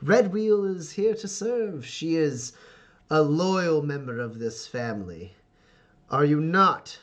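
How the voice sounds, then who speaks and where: A man doing a smug, domineering older father of a clan, who barks orders and talks down to his people. He speaks in a pushy, raised voice, and his pitch climbs when he commands. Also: expressive, slow pace. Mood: commanding.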